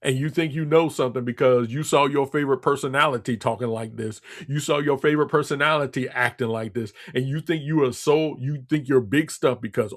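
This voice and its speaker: Speaking fast with hardly a pause, this man hosts a radio talk show in a medium-pitched, fairly even voice. His political monologue is blunt and scolding, full of repetition.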